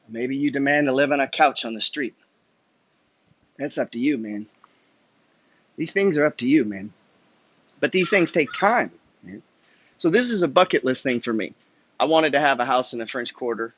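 A man's voice: medium pitch, animated, normal speed, long pauses, fairly bright tone, no echo, dull audio. A man ranting bluntly and profanely while walking city streets, preaching a motivational walk-and-talk monologue. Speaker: vlogger. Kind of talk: walking-and-talking motivational rant.

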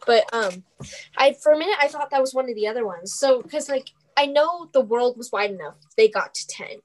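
A woman's voice: on the high side, lively intonation, brisk, poor audio. Eager teen girl, faint hiss behind. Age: teens. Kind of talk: casual chat about a musical.

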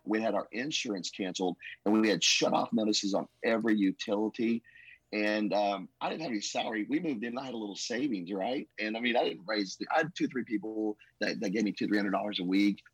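A man tells his story as a pastor, earnest and emotional. His voice sits low and husky. The recording is close and dry, with no room sound. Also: no echo, poor audio. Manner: emotional, earnest, says "man" and "bro" often. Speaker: pastor, podcast guest. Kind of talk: testimony storytelling.

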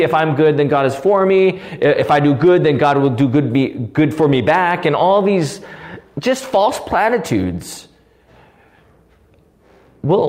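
A man with a fairly high voice preaches a catechism lesson with real passion. He swings from loud, emphatic declarations down to quiet asides, talking to a recording rather than a crowd. The delivery is earnest and insistent throughout. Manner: passionate, rising to near yelling, then dropping to quiet asides. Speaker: pastor teaching catechism. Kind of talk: recorded live Bible study sermon. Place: alone, recorded live without audience.

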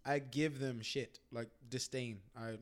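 A man's voice: medium pitch, fairly even intonation, a little slow. A man in casual chat, telling rowdy, profane stories and acting out other people's lines. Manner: loud, profane storytelling with put-on voices.

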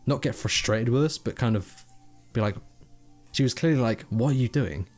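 A young man co-hosting a casual podcast, talking in long, animated runs. He swears freely and slips into quick impressions of other people, with faint music behind him. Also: medium pitch. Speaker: podcast co-host. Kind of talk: casual chat.

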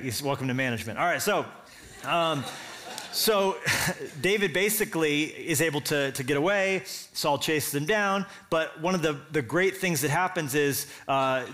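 A man preaching a sermon, telling a story with casual asides and acting out what each character says. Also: on the high side. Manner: animated storytelling, acts out characters' lines. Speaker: pastor.

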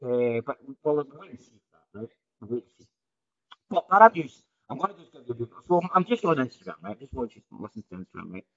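A man's voice: medium pitch, big pitch swings, quick pace, gravelly, a bit bright, dull audio. Rambling man hosting a podcast. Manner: rambling, restarts often, tags lines with "right?". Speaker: podcast host. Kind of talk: off-the-cuff solo podcast talk.

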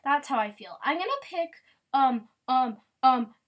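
A young woman, rambling and bubbly as she chats casually over a game, breaking into sudden excited squeals. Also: sits high, measured pace. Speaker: gamer podcaster. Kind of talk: casual gameplay commentary.

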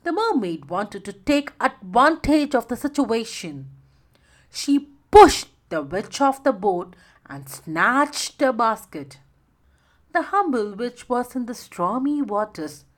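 A woman narrating a children's story slowly and expressively. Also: fairly high pitch, very animated.

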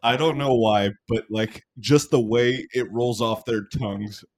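A man's voice: mid-range voice, measured pace. A man hosting a casual podcast, joking crudely and laughing often. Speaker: podcast host.

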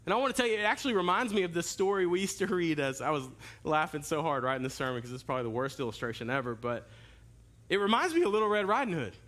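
A man pastor preaching a sermon in an animated, storytelling way, talking directly to the congregation. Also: fairly high pitch, fast talker.

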